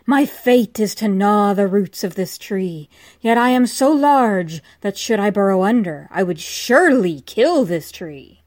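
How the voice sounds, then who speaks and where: A woman voicing a giant, weeping serpent in a storybook tale, crying out loudly in anguish. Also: medium pitch, animated, measured pace, no room sound, clean studio sound, lightly acted. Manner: loud, crying out.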